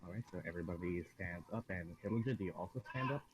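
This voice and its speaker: A man's voice: low voice, rapid-fire, background noise. A man narrating as dungeon master, rambling and correcting himself as he goes. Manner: rambling, self-correcting, often laughing. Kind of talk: narrating a tabletop game.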